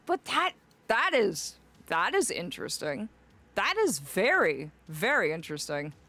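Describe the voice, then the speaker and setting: A young woman is livestreaming as a fae character, theatrical and affectionate, fondly greeting each chatter as "my dear." Her mid-range voice swings hugely in pitch, and she speaks unhurriedly with a sharp tone.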